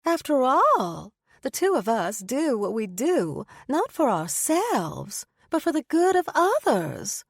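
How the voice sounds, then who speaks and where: A woman's voice: sits high, sing-song, takes it slowly, hardly any pauses, breathy edge, no room sound, clean studio sound, pitched above the performer's own voice, full character voice. A woman voicing a flamboyant, scheming female event planner with a Southern American accent and a showy, crooning manner. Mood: syrupy showy.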